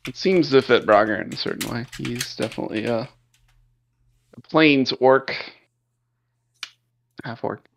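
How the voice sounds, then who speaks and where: A man playing a tabletop game, talking hesitantly with lots of pauses. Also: mid-range voice, creaky, no room sound. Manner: hesitant, full of ums. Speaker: player. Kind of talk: in-character tabletop play.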